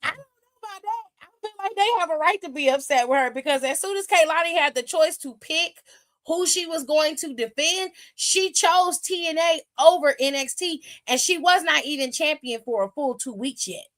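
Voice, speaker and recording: A woman with a high voice hosts a casual live stream and retells wrestling drama with blunt, profane energy. Her delivery is animated and full of asides to her co-host. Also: normal speed, poor audio.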